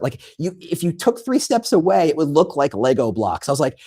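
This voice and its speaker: A man guest on a podcast, explaining in an animated conversational way and acting out quoted prompts and reactions. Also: on the high side, brisk, hardly any pauses, husky. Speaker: guest, recruiting consultant.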